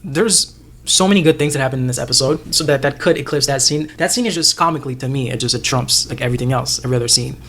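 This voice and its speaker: A man co-hosting a casual TV discussion podcast, animated and profane, laughing often and acting out characters' lines. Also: mid-range voice, fast, slight background noise. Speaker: podcast co-host.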